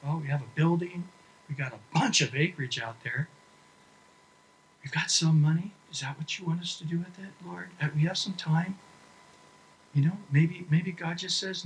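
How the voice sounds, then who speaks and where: A man's voice: high-pitched, normal speed, a bit bright, slight background noise, low-quality recording. A man preaching a sermon to his church, earnest, often repeating and restarting his words. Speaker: pastor.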